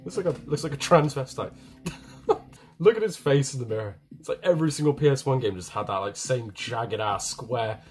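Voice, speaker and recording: A man's voice: medium pitch, animated, brisk, darkish tone, slightly rough. A man giving gameplay commentary who swears constantly, laughs a lot and mocks what he sees. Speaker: gaming video host.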